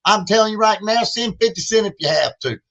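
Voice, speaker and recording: A man's voice: sits high, animated, fairly quick, fairly bright tone, lo-fi sound. A man, co-hosting a livestream and hyping donations, repeating phrases and calling himself in the third person. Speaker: podcast co-host. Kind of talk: lively livestream fundraising chat.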